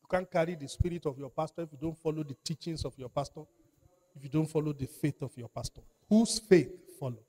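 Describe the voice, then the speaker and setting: This pastor's sermon is emphatic, full of repeated phrases and calls for the congregation to respond. He talks fast in a dark, slightly high voice with fairly even intonation.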